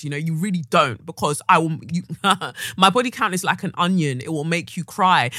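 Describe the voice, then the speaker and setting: A woman's voice: medium pitch, pushed and bright, no echo, clean studio sound. A woman, talking as a podcast host in a heated, ranting monologue full of swearing. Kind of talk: casual monologue.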